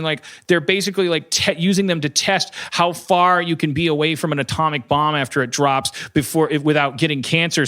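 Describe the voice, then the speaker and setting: A man in his forties hosting a podcast, telling a comic story in a rambling, animated way and swearing often. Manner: rambling, animated, swears a lot, jumps into high voices when quoting. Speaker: podcast host. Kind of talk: casual comedic storytelling.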